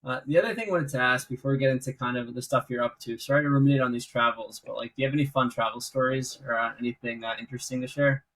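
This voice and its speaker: A man hosting a podcast, asking questions in a quick, easygoing, casual chat. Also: medium pitch, a bit bright, poor audio. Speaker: podcast host.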